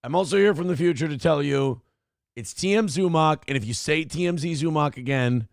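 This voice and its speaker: Gravelly and fairly high-pitched, this man talks a little fast while hosting a stream late at night. He's somewhat drunk and tired, swears constantly and gets irritated enough to rant; the audio is studio quality without room sound.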